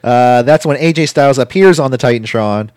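A man co-hosting a casual chat, recapping a wrestling show in a rambling way with quick impressions. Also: mid-range voice, a little mellow, clear, resonant tone, dry recording, studio quality. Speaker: podcast co-host recapping wrestling.

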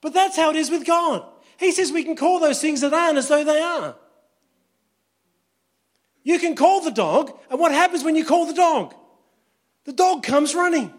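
High-voiced pastor preaching. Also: male voice, animated, normal speed, pauses often. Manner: conversational, storytelling with humor. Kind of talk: sermon.

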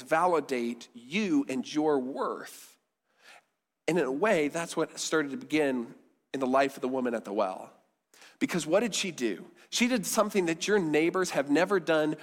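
A male pastor preaching a sermon in a conversational style, dropping softly on key words. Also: on the high side, lively intonation, normal speed. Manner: conversational preaching, with quiet emphatic endings. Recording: long hall reverb.

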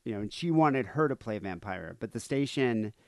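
A man's voice: mid-range voice, animated, a little fast, a little mellow, dry recording. A man co-hosting a podcast, telling a story in a rambling casual way, full of "uh" and "you know". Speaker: podcast co-host.

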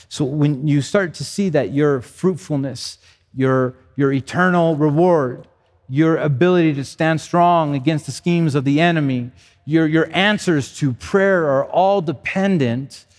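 Man preaching in a reverberant hall. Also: on the high side. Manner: earnest, conversational preaching with repeated restarts. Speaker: pastor. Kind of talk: sermon. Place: church sanctuary.

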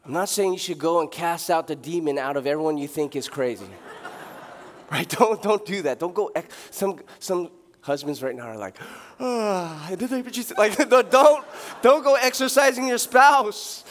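High-voiced pastor preaching with animated swings. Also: male voice, normal speed. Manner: animated, acts out shouting street preachers with big pitch jumps; joking, laughs at his own asides. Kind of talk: sermon.

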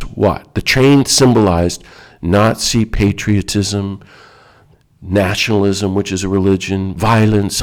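A man's voice: sits low, darkish tone. A man giving a reflective talk in an earnest, emphatic way.

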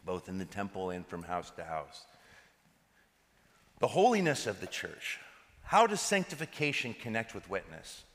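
A man preaching a sermon as pastor, a lively storyteller who acts out conversations. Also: lowish voice, long reverb tail. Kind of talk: sermon with personal stories.

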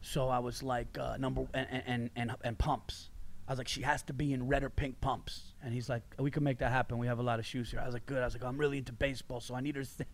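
A man's voice: mid-range voice, level tone, quick pace. A man hosting a comedy podcast, telling loose, profane stories and laughing hard. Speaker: podcast host. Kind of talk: casual comedy podcast chat. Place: festival podcast recording.

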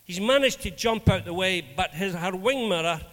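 A Scottish minister with a high voice delivers a storytelling sermon at normal speed in a large hall. He tells anecdotes animatedly, acting out the dialogue.

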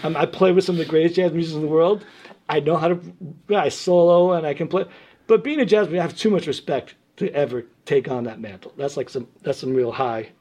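Brief: New York-born male guest, animated storyteller, slightly higher-pitched voice. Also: fast. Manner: animated, chatty, laughs often. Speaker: guest musician. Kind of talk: casual interview storytelling.

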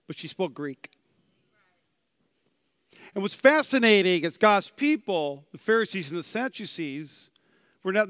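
A man preaching a sermon as pastor, animated and acting out quotes with big swings in loudness. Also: sits high, dry recording, clean studio sound.

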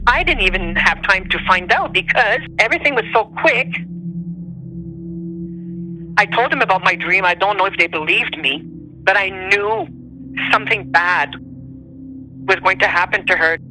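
A woman's voice: medium pitch, moderate pace, soft background music, poor audio. Emotional Quebec French-accented woman storyteller. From Montreal, Canada. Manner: emotional, animated, voice rising on quoted speech. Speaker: storyteller guest. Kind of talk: personal storytelling.

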